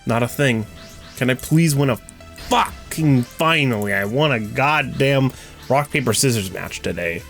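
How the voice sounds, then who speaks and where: Young man, gaming commentary, frustrated ranting, lots of swearing, mid-pitched voice, soft music behind. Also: expressive, unhurried, vocal fry. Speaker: gaming streamer. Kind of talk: gameplay commentary.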